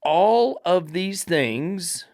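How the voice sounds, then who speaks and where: A man's voice: high-pitched, animated, drawn-out words, a little mellow, no echo, studio quality. A man hosting a dog training podcast, lecturing emphatically with repeated rhetorical questions. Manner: preachy, repetitive rhetorical questions.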